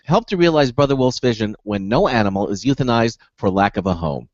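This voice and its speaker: A man reads a scripted public service announcement at a steady, measured pace. His voice is dry and close, and the recording is a little dull. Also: mid-range voice, no room sound.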